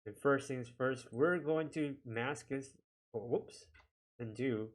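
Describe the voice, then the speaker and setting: A man giving a casual software tutorial, talking himself through each click with a chatty, self-deprecating manner. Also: mid-range voice, slow. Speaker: video editing instructor.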